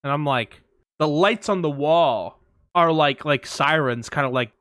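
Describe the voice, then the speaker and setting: A man co-hosting a podcast, telling anecdotes in a casual, animated way and acting out voices and sounds. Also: fairly high pitch, unhurried, no echo, studio quality. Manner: animated storyteller, acts out voices and sirens. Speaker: podcast co-host. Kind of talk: casual storytelling chat.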